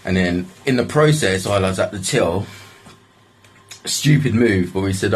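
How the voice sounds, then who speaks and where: A young man tells a story in a deep, husky voice. He rambles and swears freely, and keeps padding his lines with "like". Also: animated, moderate pace. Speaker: vlogger. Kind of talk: casual storytelling.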